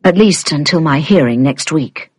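A woman reading an audiobook, playing a troubled adult man in a low, subdued, measured voice. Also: expressive, slightly rough, no room sound, clean studio sound.

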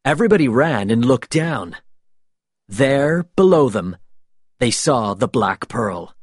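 A man reading a storybook aloud, slow and deliberate with a very lively rise and fall in his voice. The recording is close and dry, with no room sound. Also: mid-range voice, slightly rough, no room sound. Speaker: narrator. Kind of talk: scripted storybook narration.

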